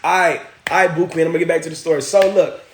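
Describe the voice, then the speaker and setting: A man's voice: on the high side, fairly even intonation, very fast, a little hiss or hum. A man hosting a live stream, telling a story in loose slang and breaking off to greet and thank viewers. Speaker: livestream host. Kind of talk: casual storytelling with viewer shout-outs. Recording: roomy echo.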